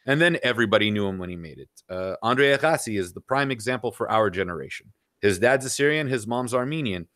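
Podcast guest, man, middle-aged, low and dry, blunt and rambling, casual. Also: expressive, fast, fairly bright tone, dry recording. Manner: blunt, rambling, frequent "you know". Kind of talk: casual opinionated chat.

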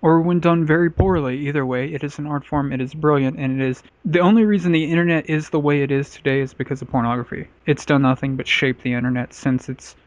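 A man's voice: fairly high pitch, steady tone, fast, few pauses, dry recording. A man casually telling a crude personal story on a podcast, rambling with lots of filler words. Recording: dull, lo-fi podcast audio.

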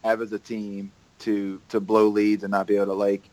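A man's voice: fairly low pitch, monotone, normal speed, a little mellow, no echo, low-quality recording. A man co-hosting a sports podcast, laid-back and rambling in casual chat. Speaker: podcast co-host.

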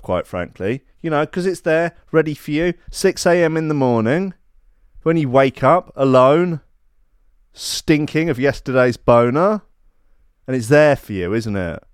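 Brief: male podcast host, sarcastic and theatrical, lively swooping voice, slightly high, dry close mic. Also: unhurried, clear, resonant tone, no room sound. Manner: sarcastic, mock-outraged, theatrical. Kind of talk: comedic monologue.

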